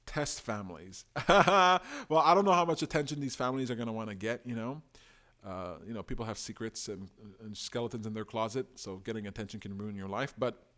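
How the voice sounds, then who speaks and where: A man hosting a live stream, giving opinionated, animated commentary and reading out viewer comments. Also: medium pitch. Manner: opinionated, animated, talks to chat.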